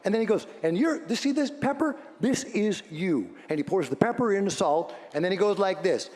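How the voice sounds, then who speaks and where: A middle-aged man, a radio host, giving an energetic storytelling speech to a live audience, swinging from shouts to hushed moments. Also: sits high, brisk. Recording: long hall reverb.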